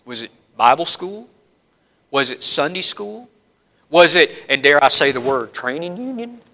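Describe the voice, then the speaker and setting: A middle-aged man with a Southern US accent delivers a sermon in a high, bright voice. He builds his points into emphatic lists that rise in force. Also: big pitch swings, unhurried. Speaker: pastor.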